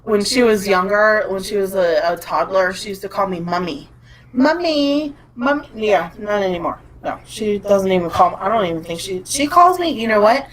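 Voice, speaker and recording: A woman's voice: mid-range voice, fairly quick, few pauses, fairly bright tone, rough recording. A woman in her thirties on a podcast, rambling through a story in a casual, chatty way with laughter. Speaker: podcast co-host. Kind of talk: casual chat.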